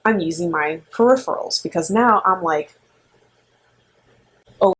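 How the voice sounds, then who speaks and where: A middle-aged woman co-hosting with her son, telling a story in a rambling, animated way with lots of fillers. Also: lowish voice, moderate pace. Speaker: co-host and mother. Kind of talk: casual storytelling.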